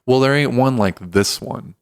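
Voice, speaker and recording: Man, podcast co-host, slow halting talk, dry close sound. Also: medium pitch, vocal fry, smooth, no echo. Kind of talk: casual podcast chat.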